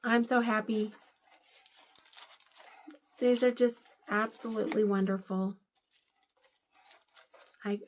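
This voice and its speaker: A woman's voice: mid-range voice, steady tone, slow pace, pauses often, darkish tone, slight background noise. A middle-aged woman vlogger unboxing gifts, gushing and teary with emotion. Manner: gushing, emotional, tearful at times. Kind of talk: casual unboxing vlog.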